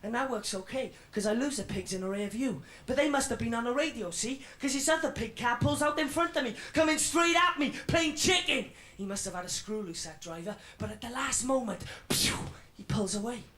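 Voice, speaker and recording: A sharp-toned, very high male voice rattles along fairly quickly with hardly any pauses. The speaker is an actor voicing an edgy young Welsh comedian in his twenties, defiantly performing a swaggering routine in a radio drama.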